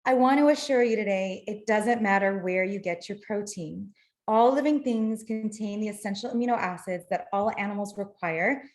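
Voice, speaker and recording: A woman's voice: mid-range voice, normal speed, darkish tone. A middle-aged woman presenting a webinar on nutrition, explaining in a practical way into a computer mic. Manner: explanatory, practical, apologetic when slides fail. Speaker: nutrition lecturer.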